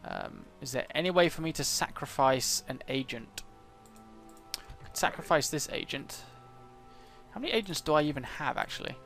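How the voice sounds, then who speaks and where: A man's voice: a little high, normal speed, vocal fry, a bit bright, soft background music. A man commenting on his own strategy game as he plays, thinking aloud with frequent hesitations and fillers. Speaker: let's play gamer.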